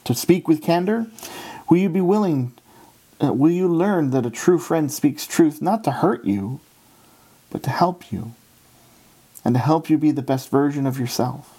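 Male preacher, earnest and steady, mellow low-bright tone. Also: measured pace, pauses often, breathy edge. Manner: earnest, steady delivery, often quoting scripture and authors. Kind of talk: sermon.

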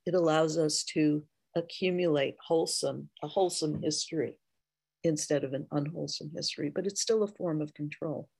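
A woman Zen teacher giving a dharma talk, speaking in a slow, reflective way with frequent pauses. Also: sits low, vocal fry, a little mellow, slightly rough, no room sound.

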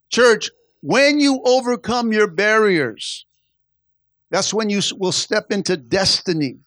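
A man preaching a sermon in church, call-and-response style, who repeats stock rallying phrases and builds to shouting. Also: high voice, no echo. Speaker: pastor.

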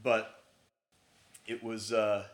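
A man's voice: lowish voice, flat delivery, very slow. A man hosting a podcast in casual chat, leading the talk and explaining storylines. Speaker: podcast host. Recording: echoey room.

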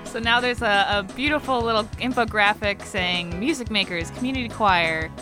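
A woman's voice: mid-range voice, normal speed. Give me a young woman recounting her childhood with wry humor, a music bed underneath. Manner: lively, wry, laughs easily. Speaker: radio producer telling her story. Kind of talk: conversational storytelling. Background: background music score.

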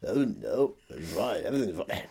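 A man's voice: low voice, sing-song, moderate pace, creaky, dark tone, slightly rough. A man co-hosting a comedy podcast, rambling and joking in loose banter. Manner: rambling, joking, many voice switches.

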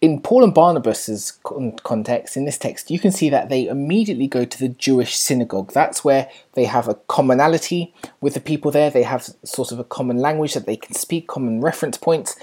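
A woman with an unusually low, mellow voice gives an earnest church teaching. Her tone is a little husky, and she speaks encouragingly, trailing into fillers and quick self-corrections.

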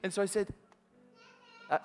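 An Australian man preaches in a church, telling a story casually, often restarting his sentences and asking the congregation questions. His voice sits a little high and carries a long hall reverb. Faint music plays underneath. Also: moderate pace. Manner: chatty, restarts often, speaks straight to the congregation. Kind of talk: sermon with storytelling.

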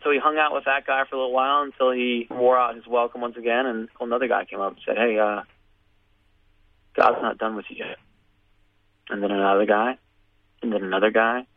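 A man telling a personal story in a casual, animated way, acting out what others said. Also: medium pitch, no room sound. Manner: animated, acts out quoted voices. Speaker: guest telling his story. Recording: phone-like radio audio.

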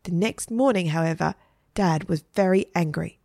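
A woman narrating a children's story in a steady, clear reading voice. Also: fairly low pitch, moderate pace, dry recording, clean studio sound.

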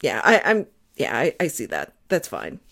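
A young woman hosting a casual podcast chat, playful and quick to laugh. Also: wildly swooping pitch, creaky, a bit bright. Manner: playful, laughs often, swings in pitch. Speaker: podcast host.

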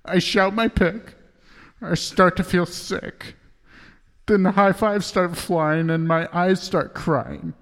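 A man plays a painfully earnest poet who takes his own verse far too seriously and gets choked up reading it. He talks slowly and haltingly, with a long reverb trailing his voice. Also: medium pitch, darkish tone. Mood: solemn. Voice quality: halting, self-serious, hesitant delivery. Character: overly earnest, emotional male poet, easily choked up. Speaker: guest poet. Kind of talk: comedy sketch, dramatic poetry reading.

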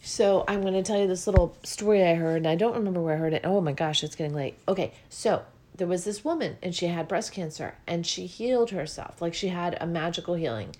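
A woman's voice: lowish voice, brisk, hardly any pauses, a little mellow. A woman giving a reflective spiritual talk about listening to the body, earnest and repetitive, her voice rising with feeling and at times close to tears.

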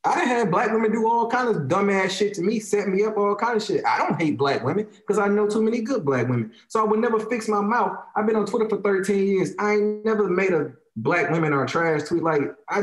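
A heated man in his thirties with an African American Vernacular English accent rants on a casual talk show, voice set high and swinging widely up and down. He swears freely and hammers his points with repetition. The room gives his voice a noticeable echo. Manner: heated, profane, emphatic, repeats phrases for emphasis. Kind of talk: casual opinionated rant.

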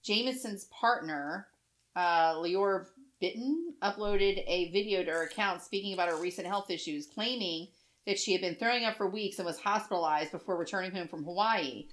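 A woman's voice: on the low side, moderate pace, fairly bright tone. A woman co-hosting a casual podcast chat, chatty and gushing, with frequent laughter and repeated words. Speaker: podcast co-host.

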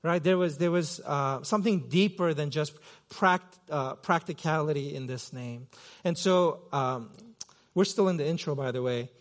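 High-voiced man preaching casually. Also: moderate pace. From Korea. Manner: conversational, self-deprecating with many fillers and restarts. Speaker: pastor. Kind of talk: sermon. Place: church sanctuary.

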